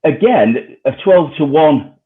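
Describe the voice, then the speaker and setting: A man's voice: fairly high pitch, lively intonation, slow. A man from England hosting a casual betting chat, friendly and repetitive. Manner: friendly, repeats himself. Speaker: host. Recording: tinny phone-like audio.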